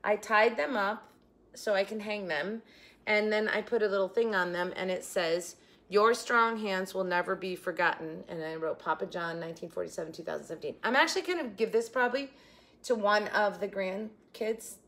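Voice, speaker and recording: An older woman chatting through a crafting tutorial, tender and holding back tears, trailing off into quiet asides. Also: medium pitch, steady tone, moderate pace. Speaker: craft vlogger.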